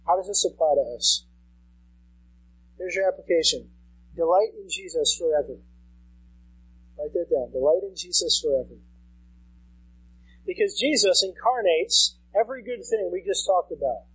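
A man's voice: high-pitched, moderate pace, pauses often, fairly bright tone, breathy edge, low-quality recording. A man in his thirties preaching a sermon as pastor, conversational and repeating key phrases for emphasis. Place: church sanctuary.

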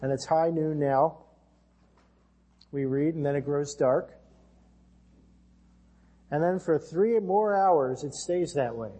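A male pastor with an American accent delivers an earnest sermon, his voice husky and mellow. He sits a little high in pitch and climbs higher for scripture readings. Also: slow pace, long pauses.

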